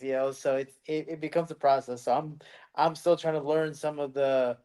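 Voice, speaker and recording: Animated, slightly high-voiced man swearing casually. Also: normal speed. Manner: animated storyteller, swearing, heavy use of "like". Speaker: podcast co-host. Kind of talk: casual chat.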